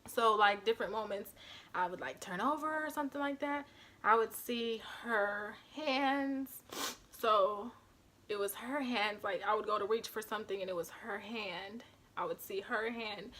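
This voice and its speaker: A woman's voice: a little high, bright, forceful tone. A young woman vlogger telling a personal story to her camera, emotional and close to tears, with lots of fillers. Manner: emotional, often near tears, with many fillers. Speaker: beauty vlogger.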